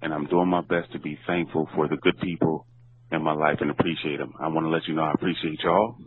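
Male voicemail caller: low voice, playful and teasing, dull lo-fi phone audio. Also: flat delivery, fast, slight background noise. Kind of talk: recorded voicemail message.

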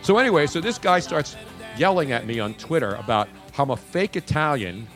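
A man's voice: a little high, sing-song, a little fast, fairly bright tone. A man from Philadelphia with a thick New York accent, co-hosting a radio show and ranting with mock indignation in casual banter. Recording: music playing under the talk.

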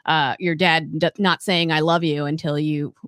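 A woman co-hosting a sports podcast in casual chat, animated and opinionated, often laughing. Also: deep voice, measured pace, no room sound, studio quality. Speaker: podcast co-host.

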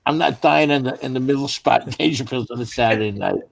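A man, a stand-up comedian, telling profane, animated anecdotes in casual chat with fellow comics. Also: medium pitch, quick pace, gravelly, no echo. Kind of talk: casual storytelling among comics.

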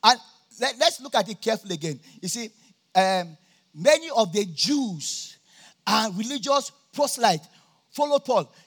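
A man preaching a sermon at a church campmeeting, jovial and laughing often, now and then bursting into shouts. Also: high-pitched, very animated, normal speed, husky. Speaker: pastor.

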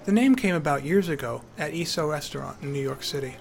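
A man's voice: on the high side, fast, gravelly, a little hiss or hum. A man narrating his own memoir in a wry, conversational storytelling manner.

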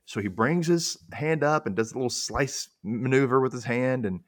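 A man's voice: medium pitch, normal speed, no room sound, clean studio sound. A young man hosting a podcast, casually recapping a TV episode and acting out characters' lines in exaggerated voices. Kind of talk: casual chat.

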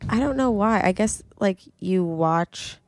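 A young woman co-hosts a podcast, chatting casually through a reality TV recap and quoting the cast in playful voices. Her medium-pitched voice is expressive and measured in pace, with slight background noise.

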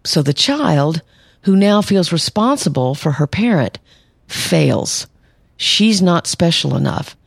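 A middle-aged woman therapist hosting a podcast, calmly explaining and slowing down to stress key points. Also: on the low side, creaky, breathy edge, no room sound, studio quality. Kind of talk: scripted podcast monologue.

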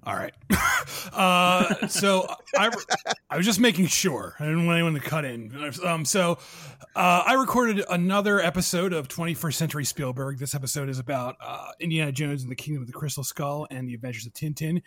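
A man with a deep, gravelly voice chatting on a podcast, ranting with self-deprecating laughs. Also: brisk, a bit bright, no echo. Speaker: podcast host. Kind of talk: casual podcast chat.

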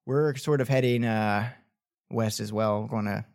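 A man voicing a rough, sentimental male street runner in a tabletop role-play, with loose, crude banter full of restarts. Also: lowish voice, steady tone, moderate pace, a little mellow, natural voice. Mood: casual.

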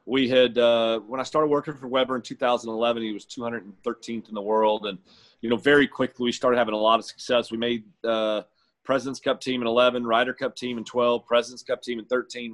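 Earnest low-voiced man recounting. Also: a bit bright. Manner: earnest, heartfelt, reflective. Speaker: golf caddie. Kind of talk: interview storytelling.

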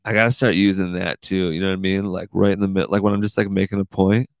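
A man's voice: low voice, flat delivery, fast, vocal fry, no room sound. A man hosting his own podcast, rambling goofily and tacking "dude" onto nearly every line. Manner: rambling, goofy, says "dude" constantly. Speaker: podcast host. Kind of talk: casual podcast monologue.

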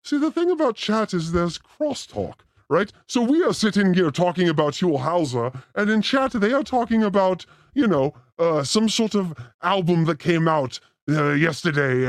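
A man's voice: sits high, dry recording, clean studio sound. A man hosting a podcast with a crude, theatrical, joking manner. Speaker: podcast host. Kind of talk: crude casual banter.

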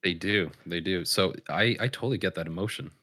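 Deep bright-toned podcast co-host. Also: male voice, fairly quick, dry recording, clean studio sound. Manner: reactive listener, short responses then relaxed opinions. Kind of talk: casual chat.

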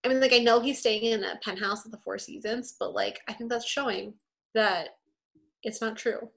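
A woman co-hosting a podcast in casual chat, animated and quick to swear. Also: on the high side, vocal fry. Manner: animated, swears freely, acts out characters' lines. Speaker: podcast co-host.

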